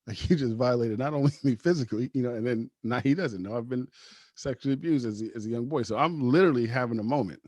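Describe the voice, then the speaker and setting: A man with a husky voice, a podcast guest telling a personal story casually, laughing often and acting out the lines of the people in it. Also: medium pitch, fast, a little mellow, dry recording. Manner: acts out quoted dialogue.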